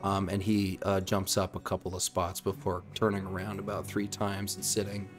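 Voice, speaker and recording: A man's voice: low voice, monotone, moderate pace, over music. A man narrating as game master of a tabletop role-play game, rambling and full of ums.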